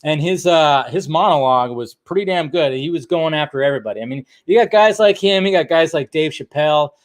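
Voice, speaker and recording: A man's voice: fairly high pitch, expressive, fairly quick. A man hosting a casual movie news commentary, blunt, swearing freely and laughing often.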